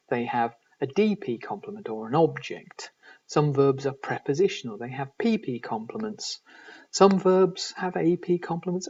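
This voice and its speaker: A man giving a recorded university lecture in linguistics, measured and explanatory, often pausing to find his words. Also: mid-range voice, warm tone, husky. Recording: distant, dull lo-fi recording.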